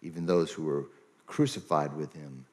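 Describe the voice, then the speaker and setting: A man preaching a sermon as pastor, reading scripture aloud and explaining it in a measured way. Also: rumbling low, steady tone, a little mellow.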